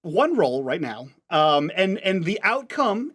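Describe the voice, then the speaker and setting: Higher-voiced man running a tabletop game. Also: very animated, slow, a bit bright, breathy edge. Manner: rambling, many fillers and restarts, laughs often. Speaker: game master.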